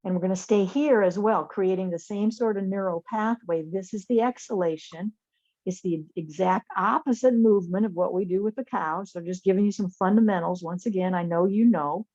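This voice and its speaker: A woman teaching a chair yoga class, giving calm, soothing spoken guidance through breath and poses. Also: medium pitch, lo-fi sound.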